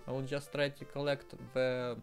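A man's voice: mid-range voice, level tone, moderate pace, faint music behind. A man giving casual commentary while playing a video game, exasperated and swearing often. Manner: exasperated, swearing, frequent exclamations. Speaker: gaming streamer.

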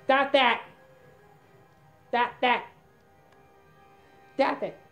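A woman doing a comic sketch rant, exasperated and yelling "no" over and over. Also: high voice, fairly even intonation, drawn-out words, soft background music. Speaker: comedy video maker.

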